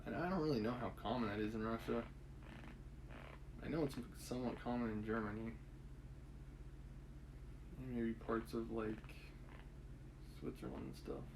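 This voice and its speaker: A man's voice: mid-range voice, vocal fry, background noise. A man reading a classic novel aloud on a live stream, musing and correcting himself between passages in casual commentary. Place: home setup, live stream.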